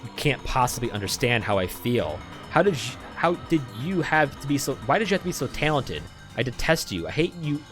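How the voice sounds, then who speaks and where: A man voicing a bitter, jealous scientist father who shouts with contempt at his daughter, in a visual novel read aloud. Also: fairly low pitch, sing-song, normal speed, faint music behind. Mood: raging.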